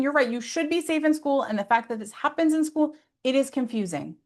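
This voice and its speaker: A woman's voice: on the high side, very animated, fast, few pauses, darkish tone. A woman giving parenting advice in an earnest, conversational way, often adding "like" and "right?" as asides. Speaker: behavior specialist.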